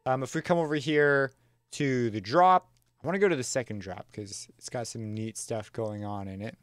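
Smooth, dry-voiced man explaining casually. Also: mid-range voice, moderate pace, no room sound. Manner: relaxed and chatty, with fillers and self-corrections; enthusiastic, uses slang. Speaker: music production instructor. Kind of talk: casual screen-recorded software tutorial.

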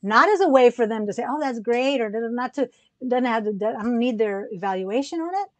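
Woman guest, bright higher voice, chatty and animated, spins stories with laughs. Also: fairly quick, dry recording, highs cut off. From United States. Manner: animated, chatty, laughs often, restarts sentences. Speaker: podcast guest, musician and educator. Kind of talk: casual storytelling chat.

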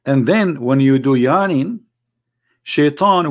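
Speaking slowly in a high, fairly bright voice, an Arabic-accented online critic from the Arab world, a native Arabic speaker, mocks his subject. He addresses viewers directly throughout his sarcastic monologue, repeatedly posing rhetorical questions.

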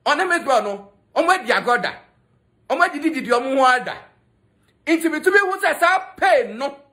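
With an extremely high, bright and forceful voice, a man mocks and scolds in his gossip commentary. He's an entertainment commentator with a Ghanaian accent who mixes Twi and English.

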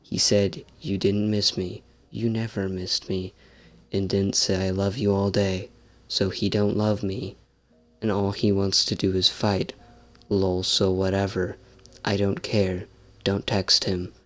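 A young man with a lowish voice talks slowly and loosely while playing a horror game. He is sarcastic, easily spooked and swears constantly. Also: level tone, fairly bright tone. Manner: swears a lot, jumpy and sarcastic. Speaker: gameplay streamer. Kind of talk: casual gameplay commentary.

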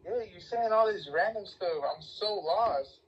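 A man's voice: high voice, a little slow. A man on a phone call with his girlfriend, sounding confused and exasperated.

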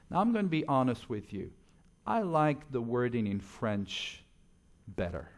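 A middle-aged man preaching in a church, telling stories and swinging between loud emphatic lines and quiet asides. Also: mid-range voice, big pitch swings, a little slow. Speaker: pastor. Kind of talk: sermon.

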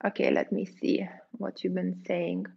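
A woman's voice: lowish voice, level tone, creaky, slightly rough. Chatty woman coach on a lo-fi stream. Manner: chatty, quick, acts out quoted voices. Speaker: dating coach. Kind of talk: casual livestream advice, reading viewer comments.

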